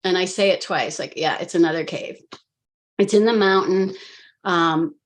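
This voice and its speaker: A woman's voice: lowish voice, normal speed. A woman recounting her own hypnosis session in casual, filler-heavy storytelling on a video call, acting out what she said. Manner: animated, filler-heavy retelling with acted quotes of herself. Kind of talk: casual storytelling on a live panel.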